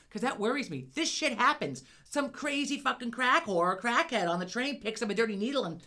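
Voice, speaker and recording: A woman telling a rambling, profane story in casual chat as a podcast co-host, pausing now and then to cough or clear her throat. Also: fairly high pitch, lively intonation, sharp tone.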